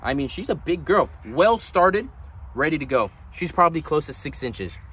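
A man hosting a casual vlog at his animal ranch, gushing with excitement and at times quietly sad. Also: on the high side, normal speed, husky. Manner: gushing, excitable, swings from loud delight to quiet sadness. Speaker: reptile breeder and channel host. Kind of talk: casual vlog talk to camera.

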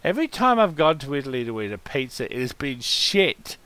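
A man chatting casually while waiting for a game, reading out random facts with crude swearing and loud laughing outbursts. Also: medium pitch, sing-song, brisk.

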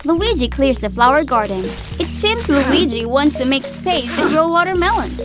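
A woman's voice: high voice, animated, normal speed, music in the background. A woman narrating a children's toy story, asking playful questions as she tells it.

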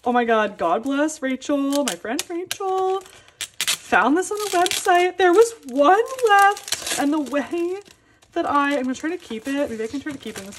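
A young woman casually vlogging an album unboxing, gushing and exclaiming with excitement as she goes. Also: high-pitched, a little hiss or hum.

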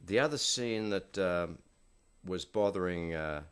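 A man's voice: sits low, measured pace, clear, resonant tone. A film director in an interview, dryly recounting set anecdotes and slipping into the voices of people he quotes. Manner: dry storyteller acting out quoted voices.

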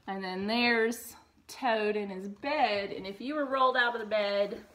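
A young woman teacher with a fairly high voice reads a storybook aloud to her class, speaking gently and clearly and asking the children questions. The recording is rough.

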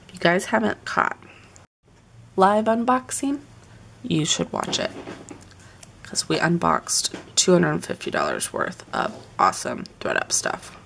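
A woman chats on a live craft stream from her home. She talks slowly in a very gravelly, creaky voice with a lively, swooping pitch. She often drops into murmured, half-whispered asides to herself. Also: slight background noise. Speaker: planner decorating vlogger.

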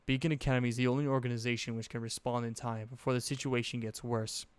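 A man voicing a scheming silver-haired male headmaster who speaks in a calm, measured, quietly menacing way. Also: medium pitch, smooth, no room sound, close to an everyday voice.

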